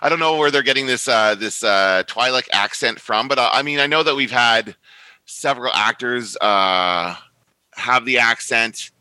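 Bright, chatty man in a dry room. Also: medium pitch, moderate pace, clean tone, no echo, low-quality recording. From Canada. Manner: rambling, self-correcting, chatty. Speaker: podcast co-host. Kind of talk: casual chat.

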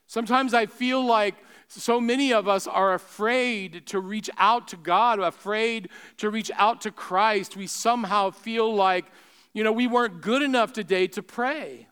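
A male preacher delivering a sermon, rising to emphatic peaks and dropping to hushed, quiet lines. His voice is high-pitched for a man and smooth, with a clear resonant ring. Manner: emphatic, swinging between raised and hushed delivery.

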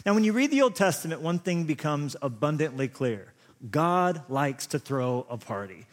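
A man's voice: fairly high pitch, big pitch swings, normal speed. A man in his thirties preaching a sermon, telling rambling, self-deprecating stories full of restarts. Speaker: pastor. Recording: long hall reverb.

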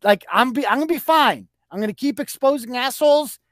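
A man's voice: very high-pitched, lively intonation, brisk, fairly bright tone, no echo. Profane, combative male podcast host. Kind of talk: heated podcast rant.

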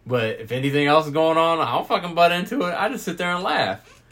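A man's voice: on the high side, animated, fast, a bit bright. Swearing, rambling male podcast co-host. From United States. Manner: swears constantly, rambling with laughs. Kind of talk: casual profane chat.

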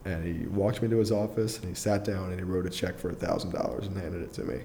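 Young adult male guest, low mellow voice, casual rambling storyteller, chuckles often. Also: steady tone, quick pace, a little hiss or hum. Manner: rambling, filler-heavy, restarts often, chuckles through his story. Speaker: podcast guest. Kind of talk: casual personal storytelling in an interview.

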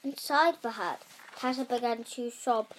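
A young girl reading a fairy tale aloud slowly and carefully. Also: a little high, a little hiss or hum.

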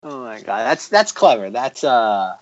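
Animated male podcast host, mid-pitched voice, dry close sound. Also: unhurried, no room sound, lo-fi sound. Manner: animated, exclaims and repeats himself. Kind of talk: casual chat.

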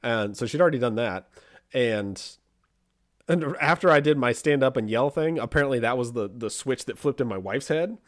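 A man telling a family story in casual chat, animated and acting out what people said, with a lot of restarts. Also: medium pitch, moderate pace, no echo, studio quality. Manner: animated, acts out quoted voices, frequent restarts.

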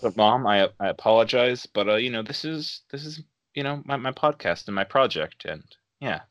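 A man's voice: medium pitch, normal speed, a bit bright, no room sound, dull audio. A young man hosting a podcast, telling a rambling story in casual chat and acting out the people he quotes. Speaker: podcast host.

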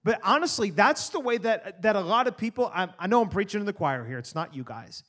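A man preaching a sermon in an animated way, swinging from loud emphasis to quiet asides. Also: high voice, brisk. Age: adult parent. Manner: animated preaching, rising and dropping to soft asides. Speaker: pastor.

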